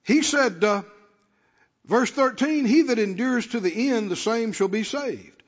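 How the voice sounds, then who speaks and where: A man preaching a sermon and calling out to the congregation, sometimes rising to a shout. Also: very high-pitched, a little slow. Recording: muffled sound with long church reverb.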